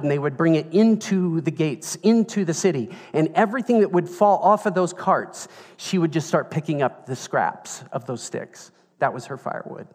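A male preacher giving an animated, playful sermon and retelling a story with emphasis. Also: a little high, in a large hall.

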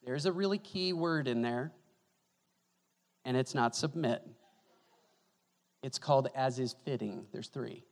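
A man preaching a sermon as pastor, animated and joking, moving from loud bursts to hushed asides. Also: mid-range voice, vocal fry. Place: church hall. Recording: long reverb of a hall.

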